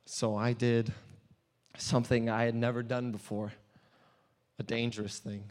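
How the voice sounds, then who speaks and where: A man's voice: medium pitch, level tone, a little slow, close to an everyday voice. A man playing a blind, earnest beggar in a reverberant church hall. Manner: earnest storytelling, swinging from hushed to loud. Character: blind male beggar, adult, earnest and desperate. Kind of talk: dramatic first-person monologue.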